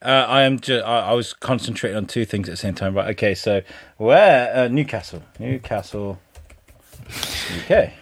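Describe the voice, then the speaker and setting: A man's voice: on the low side, animated, moderate pace, no echo. A man from the UK co-hosting a casual podcast chat, joking, rambling and swearing freely. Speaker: co-host.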